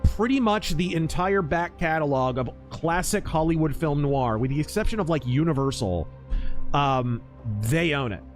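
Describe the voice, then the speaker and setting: A man streaming a mech game and chatting casually, an animated storyteller who acts out quotes. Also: on the high side, moderate pace, faint music behind. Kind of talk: casual live-stream chat.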